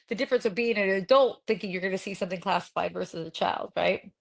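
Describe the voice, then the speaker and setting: A woman in casual conversation, co-hosting a podcast about a book. Her talk is chatty and animated, with fillers and quick restarts. Her pitch sits in an ordinary middle range. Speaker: podcast co-host.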